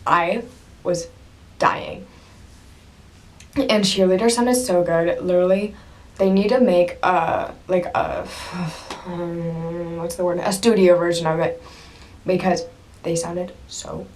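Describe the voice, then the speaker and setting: A young woman with a slightly lower voice gushes to her camera at home, telling her story in a breathless, excited rush. She breaks into laughter and drops to a whisper now and then. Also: slow, long pauses, a little hiss or hum. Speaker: vlogger.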